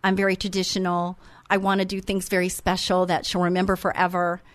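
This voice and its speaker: A woman's voice: lowish voice, monotone, brisk, no echo. A middle-aged woman hosting a faith-based radio talk show, speaking in a heartfelt, sentimental way. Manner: heartfelt, sentimental, openly emotional.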